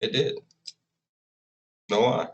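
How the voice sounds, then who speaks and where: A man's voice: takes it slowly, muffled recording, a little hiss or hum. A man hosting a reaction video, talking casually and joking around between clips. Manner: joking, rambling, laughs often. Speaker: reaction channel host.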